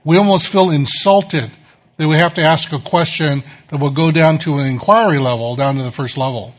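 Man preaching with a slightly high voice. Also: normal speed. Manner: self-deprecating storytelling. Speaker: pastor. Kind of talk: sermon.

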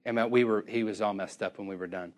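A man preaching through a story, animated and acting out both sides of each conversation, laughing often as he tells it. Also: lowish voice, a little fast. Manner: laughs often while telling. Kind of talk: storytelling sermon.

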